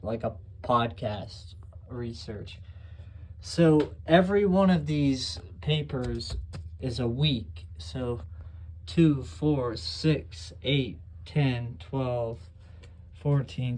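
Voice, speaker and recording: A young man chats to camera from a room at home, his story wandering with fillers and false starts. He turns self-deprecating now and then, and his voice sits at an ordinary middle pitch. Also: drawn-out words, a little mellow. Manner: rambling, self-deprecating, with many fillers and restarts. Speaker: vlogger.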